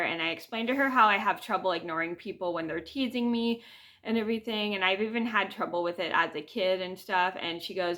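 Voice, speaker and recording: A woman's voice: lowish voice, fairly quick, pushed and bright. A woman vlogger telling a personal story casually to her camera, rambling with restarts and fillers. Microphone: camera mic.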